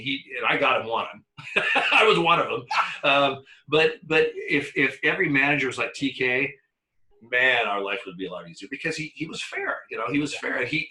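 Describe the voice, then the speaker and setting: An older man recounting his umpiring days in a casual interview. His voice is very bright and sharp, and he stumbles over repeated words and breaks into laughter. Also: medium pitch, poor audio. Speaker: former umpire.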